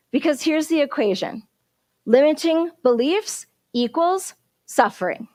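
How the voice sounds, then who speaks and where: A woman minister giving a sermon, telling stories in an animated way and asking the congregation questions. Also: fairly high pitch, dry recording, studio quality.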